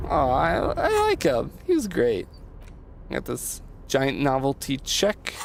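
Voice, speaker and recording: Casual game streamer guy, a bit high pitched, loose and sweary. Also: huge pitch swings, slow, vocal fry.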